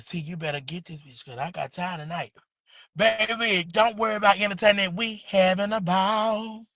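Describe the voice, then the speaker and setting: A man with a notably high voice hosts a loose, chatty phone livestream outdoors, calling his viewers baby and boo. He stretches his pet phrase out in a sing-song drawl. The sound is dry and close, with no room echo. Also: steady tone, a little fast, vocal fry, sharp tone. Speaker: livestream host. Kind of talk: casual livestream chat. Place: outdoors next to a house.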